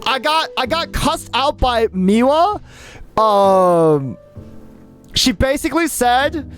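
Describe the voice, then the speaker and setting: With faint background music, a young adult streamer talks with chat in an excitable, chatty way, often restarting quickly. Their medium-pitched voice rises and falls animatedly.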